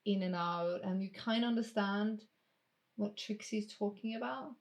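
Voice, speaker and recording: A woman running a tabletop game as game master, narrating in a casual, drawn-out way with some swearing. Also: mid-range voice.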